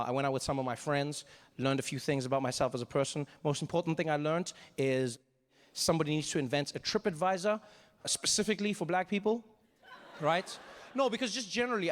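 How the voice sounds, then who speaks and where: A South African man doing stand-up comedy, telling a story with animated delivery. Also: a little high, brisk, in a large hall. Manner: animated storytelling, acting out voices.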